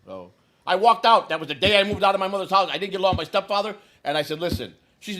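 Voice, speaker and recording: A very fast, high-sitting voice carries a long story from a Chicago man in his sixties. He swears freely, keeps it casual, and animatedly performs the quoted lines of the people he describes.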